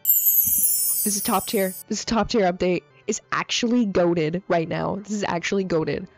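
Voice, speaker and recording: A young woman giving excitable, slang-heavy commentary on a game update, holding a handheld mic that peaks. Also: fairly low pitch, unhurried. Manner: excitable, chatty, full of slang and fillers. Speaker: gaming YouTuber. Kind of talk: casual gameplay commentary. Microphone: handheld mic, peaking and overdriven. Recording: dull lo-fi mic with faint music.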